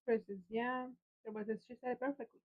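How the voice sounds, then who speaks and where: A woman's voice: a little high, little pitch movement, a little fast. A woman co-hosting a casual live stream. She reads viewer chat messages aloud in a playful way. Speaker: co-host reading viewer comments. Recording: dull lo-fi sound.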